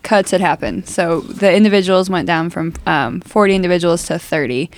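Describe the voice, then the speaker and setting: A woman's voice: fairly low pitch, a little hiss or hum. Chatty woman co-hosting a podcast. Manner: chatty, quick to laugh. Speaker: podcast co-host. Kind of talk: casual chat.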